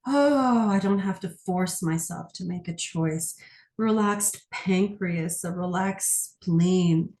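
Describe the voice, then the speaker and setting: A woman's voice: medium pitch, darkish tone. Woman, energy healer, guided healing session, soothing, sighing "oh"s, roomy echo. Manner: soothing, drawn-out sighing "oh"s, speaks feelings aloud.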